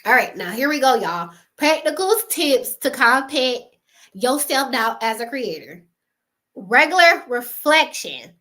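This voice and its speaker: A woman's voice: high-pitched, very animated, unhurried, pushed and bright. A woman, chatting casually to camera, giving motivational advice to creators, often laughing and calling her viewers y'all.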